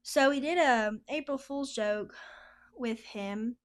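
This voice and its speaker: A woman with a fairly high voice tells her personal story as a podcast guest. She talks casually and chattily, leaning on lots of "like" and breaking into frequent laughs. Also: slow. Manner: chatty, laughs often, heavy use of "like". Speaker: guest sharing a personal testimony.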